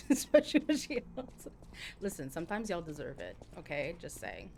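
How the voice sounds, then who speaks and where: A woman's voice: fairly low pitch, gravelly, a little hiss or hum. Chatty woman streaming a game. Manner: chatty, expressive, quick to laugh and exclaim. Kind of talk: live game stream chat, reading chat aloud. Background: game music.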